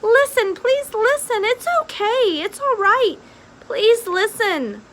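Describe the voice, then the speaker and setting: A woman voicing a polite, gallant male rat who speaks haltingly and earnestly. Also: sits high, expressive, pushed and bright, full character voice. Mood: pleading. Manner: halting, hesitant speech.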